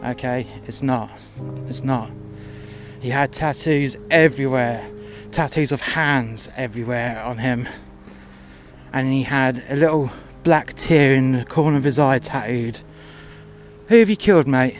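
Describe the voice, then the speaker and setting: A man's voice: medium pitch, steady tone, measured pace, faint music behind. A man telling a first-person story in a crude, confrontational way, acting out both sides of a row.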